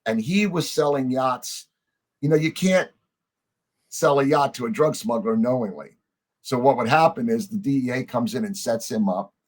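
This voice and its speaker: Guy spinning old stories on a podcast, mid-pitch, keeps doing the other people's voices. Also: normal speed. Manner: animated storyteller acting out quoted voices. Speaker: podcast guest. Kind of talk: conversational storytelling.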